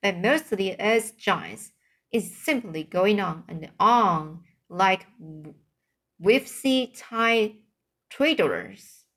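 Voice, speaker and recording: A woman reading aloud as a huge, kindly old male giant with muddled grammar, halting over some words. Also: mid-range voice, expressive, a bit bright, full character voice. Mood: earnest.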